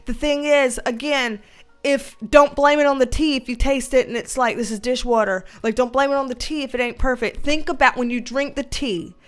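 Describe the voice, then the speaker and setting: A woman hosting a casual livestream at home, chatting and reading out viewer comments with frequent laughter and a playful, animated manner. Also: sits high. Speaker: livestream host.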